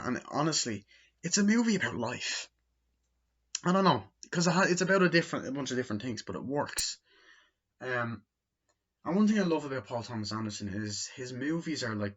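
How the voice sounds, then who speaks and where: A man with a mid-range, slightly bright voice gives a casual, rambling spoken film review packed with fillers and swearing. The recording sounds dull and lo-fi.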